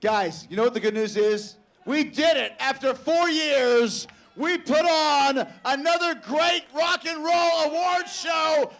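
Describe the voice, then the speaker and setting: Guy hosting an awards show live, real high voice, bright and punchy, yelling to the crowd. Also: slow pace. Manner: loud, theatrical, shouting to a crowd.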